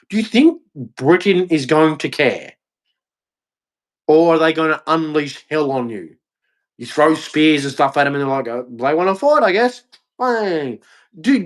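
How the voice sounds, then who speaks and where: An Australian man delivering a heated, blunt opinion rant, repeating himself and swearing. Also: fairly high pitch. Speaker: vlogger.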